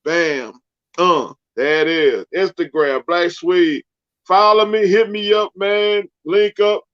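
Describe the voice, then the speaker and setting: A man co-hosting a casual sports show, joking, animated and laughing often. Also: sits high. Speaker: co-host. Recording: dull lo-fi sound.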